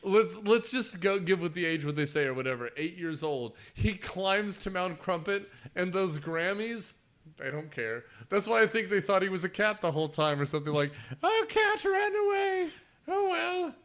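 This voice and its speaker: A man hosting a casual movie-review podcast, animated and quick to act out quotes in exaggerated voices. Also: high voice. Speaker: podcast host.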